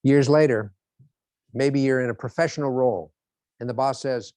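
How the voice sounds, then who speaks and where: A man of medium pitch speaks at a normal pace with no echo, delivering a motivational lecture. Animated throughout, he tells stories and performs the scenes as he narrates them.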